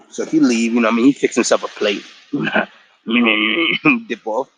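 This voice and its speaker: A man's voice: mid-range voice, fairly bright tone, husky, dry recording, rough recording. Tired man giving a slangy, profane recap. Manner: slangy, profane, acts out characters' lines mid-story. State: tired after a work shift. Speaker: show recap vlogger. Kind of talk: casual episode recap.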